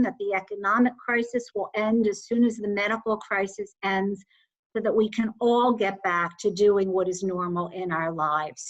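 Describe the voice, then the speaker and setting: A woman addresses a school board meeting in an earnest, measured way. Her voice sits at a medium pitch. She speaks as the superintendent, warm with feeling but steady. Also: lo-fi sound. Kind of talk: formal meeting remarks.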